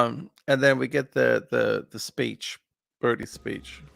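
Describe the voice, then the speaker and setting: Gravelly man recapping a film. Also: medium pitch, steady tone, slow pace, a bit bright, no room sound, clean studio sound. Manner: meandering, filler-heavy retelling. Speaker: film podcast co-host. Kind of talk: casual film recap chat.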